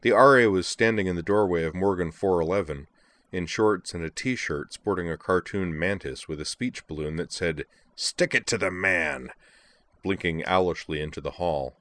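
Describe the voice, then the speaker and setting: Reading a story aloud at a moderate pace, a man uses his very low voice to deliver each line evenly and steadily. His tone is deep and grounded.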